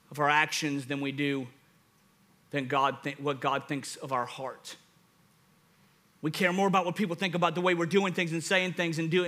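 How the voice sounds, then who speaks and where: A man preaching a sermon, energetic and emphatic, sometimes acting out people's reactions in a jokey voice. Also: on the high side. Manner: acts out listeners in a jokey hyped voice.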